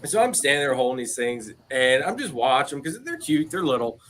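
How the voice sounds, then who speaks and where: Podcast host, man, animated storyteller, fillers galore, video-call sound. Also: mid-range voice, fairly quick, slight background noise. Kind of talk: casual live chat.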